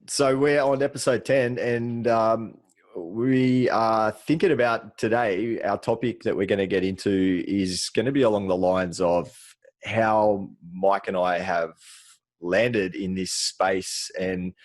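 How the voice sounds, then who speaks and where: Low-voiced Australian man, easygoing podcast host. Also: fairly even intonation, takes it slowly, no room sound. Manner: easygoing, rambling with many ums. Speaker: podcast co-host, soft tissue therapist. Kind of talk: casual podcast chat. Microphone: remote call, separate mics.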